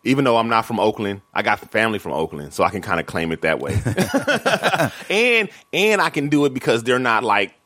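A man's voice: on the low side, sing-song, normal speed, hardly any pauses, bright, forceful tone, no echo. A man in his forties, co-hosting a podcast, telling loose, chatty stories and laughing often. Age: 40s. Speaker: podcast co-host. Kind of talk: casual chat.

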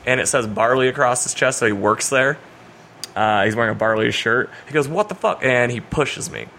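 A young man in his twenties, a podcast guest, telling a story in a casual, animated way and acting out the voices of the people in it. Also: medium pitch, normal speed, a little hiss or hum. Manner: animated storyteller, acts out quoted voices loudly.

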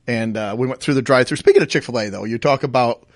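A middle-aged man co-hosting a casual chat, telling a story in an animated, laughing, mock-outraged way. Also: medium pitch, fast. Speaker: podcast co-host.

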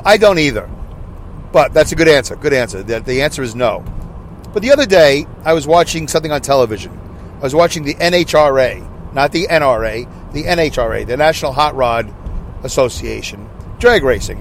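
Male podcast host, excitable rambler, slightly high voice, faint background noise. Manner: excitable, rambling, loud, with many asides. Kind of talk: casual solo podcast rambling. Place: in his car.

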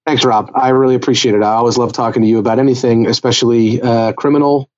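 A man's voice: mid-range voice, fairly even intonation, fast, a little mellow, lo-fi sound. A man co-hosting a casual TV recap podcast, talking things through in a thoughtful, analytical way. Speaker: podcast co-host.

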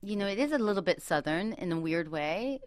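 A woman's voice: lowish voice, brisk, no room sound, clean studio sound. A woman who acts, chatting casually as a podcast guest and laughing often as she tells stories. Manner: laughs often, animated storyteller. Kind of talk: casual chat.

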